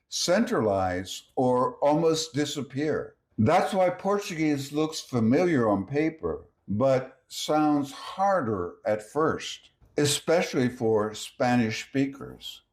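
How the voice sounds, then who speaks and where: Male language tutor, measured delivery, slow pace, animated pitch. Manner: measured, reads example words one by one. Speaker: language teacher. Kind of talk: slow scripted language lesson.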